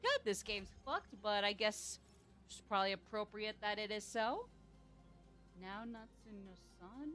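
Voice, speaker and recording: A woman's voice: medium pitch, lively intonation, measured pace, a bit bright, soft background music. A woman streaming a video game, chatting casually with rambling asides and frequent laughter.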